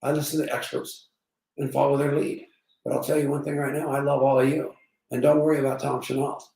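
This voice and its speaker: Gravelly, upbeat man in his sixties. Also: medium pitch, little pitch movement, fairly quick, mellow. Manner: emphatic, storytelling, preachy. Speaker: network marketing vlogger. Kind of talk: energetic motivational monologue. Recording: roomy, slightly distant mic.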